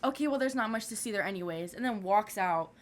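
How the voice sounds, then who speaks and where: A woman's voice: medium pitch, lively intonation, fast. A teenage girl, a guest, telling a story in casual, slangy chat and acting out the other people's voices. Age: teens.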